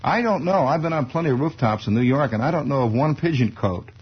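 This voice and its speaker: A man delivers a wry, digressive comic monologue in a conversational radio style, rambling through his story. His medium-pitched voice is slightly rough, with lively intonation and a quick pace, and the old radio recording is dull and lo-fi.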